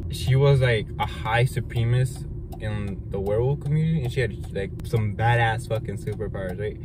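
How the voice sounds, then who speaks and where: A man's voice: fairly low pitch, a little fast. A young man telling a rambling story in casual chat, swearing constantly and filling with "like". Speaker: vlogger. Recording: noisy outdoor traffic in background.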